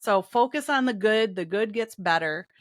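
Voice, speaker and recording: A woman's voice: medium pitch, lively intonation, normal speed, dry recording, studio quality. A woman co-hosting a casual business podcast, speaking in an upbeat, motivational way. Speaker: podcast co-host, business development VP.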